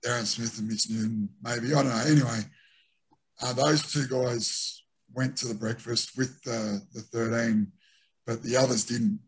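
This middle-aged Australian, once a rugby league player, speaks at a measured pace in a husky, mid-range voice. He relays career anecdotes in a casual interview with real animation, re-enacting his teammates' lines.

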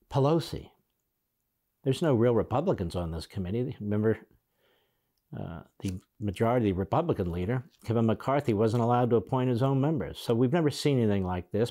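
A man's voice: fairly low pitch, mellow. A man hosting a political commentary show, reacting to clips in a sarcastic, indignant monologue.

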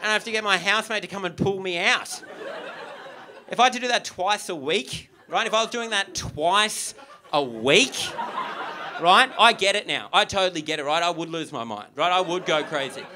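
A man's voice: high voice, animated, normal speed, pushed and bright. A young Australian man doing a stand-up comedy set, chatty and self-mocking, with many asides to the crowd on a theatre stage.

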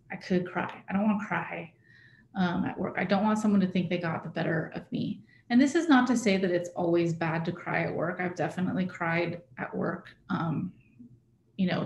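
A woman's voice: medium pitch, darkish tone, a little hiss or hum. A woman presenting a workshop to a live audience, speaking conversationally and checking in with her listeners. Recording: echoey room.

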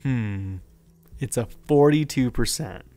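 A man's voice: mid-range voice, takes it slowly, dark tone, no room sound. A man commenting on a game as he plays, chatty and hesitant, reading its text aloud. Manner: chatty, hesitant, often laughing. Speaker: gaming video host.

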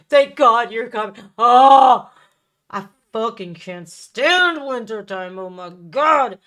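A woman hosts a reaction video in a casual, chatty way. Her voice sits high and sounds bright and sharp. She swears a lot and acts out quick little voices as she talks. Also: vocal fry. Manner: profane, animated, acts out voices. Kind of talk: casual chat to viewers.

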